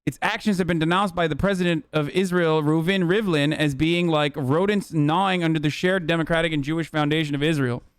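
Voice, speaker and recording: Man, live-stream reaction commentary, blunt, profane, smooth voice, dry close sound. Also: on the high side, fairly even intonation, fairly quick, hardly any pauses, no room sound.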